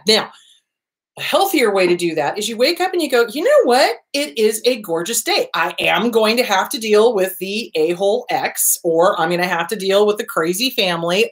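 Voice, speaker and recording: A middle-aged woman therapist hosting an advice talk, speaking casually and animatedly, acting out little voices and gasps to make her points. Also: medium pitch. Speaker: therapist and show host.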